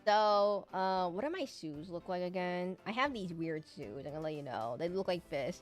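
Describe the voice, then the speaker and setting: Young female VTuber, casual self-deprecating streamer chatter, soft music under her. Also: lowish voice, animated, moderate pace. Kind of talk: casual chat while drawing live.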